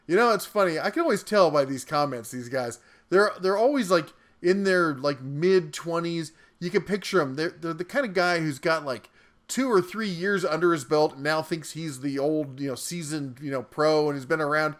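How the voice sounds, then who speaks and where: A man's voice: fairly high pitch, moderate pace, a bit bright. A man hosting a tool channel, reading mean viewer comments aloud with playful, jokey delivery. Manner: playful and jokey, chuckles between lines.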